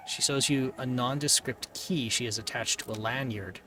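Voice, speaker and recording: A man's voice: mid-range voice, normal speed, hardly any pauses, distant mic, faint music behind. A man streaming a text game, reading the narration aloud with joking asides. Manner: animated, joking.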